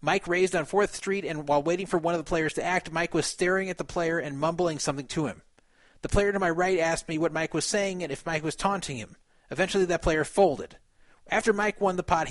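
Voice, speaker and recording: A man's voice: fairly high pitch, dry recording. A man on a podcast who reads a written account aloud and comments on it in casual chat, with fillers and a few laughs.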